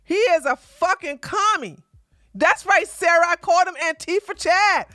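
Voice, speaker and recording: On a studio-quality recording with no echo, a livestream host with an extremely high, bright, pushed voice rants combatively at a moderate pace. He mocks his opponents with heavy profanity, repeats lines for emphasis, and laughs scornfully.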